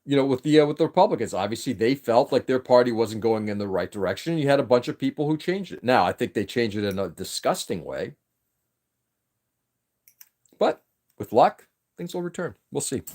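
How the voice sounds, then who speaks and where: A man's voice: mid-range voice, lively intonation, a little fast, darkish tone. A man from New England hosting a casual livestream, ranting with strong opinions and frequent restarts. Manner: opinionated, emphatic, restarts sentences often. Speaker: livestream host. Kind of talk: casual political rant on a livestream.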